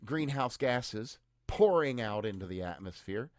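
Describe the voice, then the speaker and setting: A man's voice: mid-range voice, expressive, unhurried, no echo. A man co-hosting a podcast, giving news commentary in a dry, sarcastic way with mock-cheerful asides. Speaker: podcast co-host.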